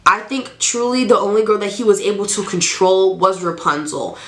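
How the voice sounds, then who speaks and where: A woman's voice: medium pitch, normal speed, echoey room. Chatty young woman telling a story. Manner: chatty, frank, animated, acts out quoted lines. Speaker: storytime vlogger. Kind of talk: casual storytelling to camera.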